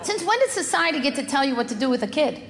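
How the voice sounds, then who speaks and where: High-voiced brash woman comic in a hall. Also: very animated, quick pace. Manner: brash, sarcastic punchlines. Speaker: stand-up comedian. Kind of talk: stand-up comedy set. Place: comedy club stage. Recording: echoey hall, crowd noise. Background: audience laughter.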